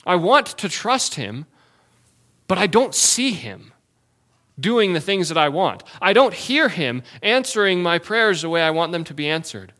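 A male pastor preaching a Sunday sermon in a church, earnest and pleading, often dropping to softer phrases. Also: high voice, big pitch swings, measured pace. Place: church sanctuary.

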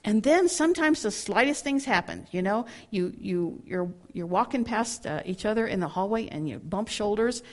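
Animated woman giving a Bible teaching. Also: mid-range voice, moderate pace, hardly any pauses. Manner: animated, acts out angry quotes, laughs often; repeats words when starting sentences. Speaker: women's ministry speaker.

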